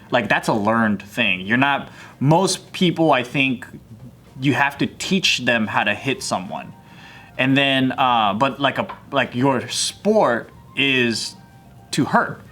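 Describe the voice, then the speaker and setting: A man's voice: medium pitch, a bit bright. Man host asking rambling questions. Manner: thoughtful, rambling questions with restarts. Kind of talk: casual interview questions.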